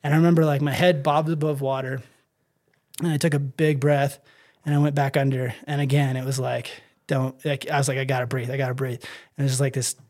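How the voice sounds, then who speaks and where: A man's voice: mid-range voice, flat delivery, fairly quick, darkish tone. A man telling his own story in a casual interview, rambling with many fillers and acting out his own thoughts. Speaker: guest.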